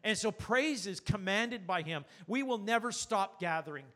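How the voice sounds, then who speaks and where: A man preaching a sermon as pastor, earnest and animated, with rhetorical questions. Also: high-pitched, moderate pace.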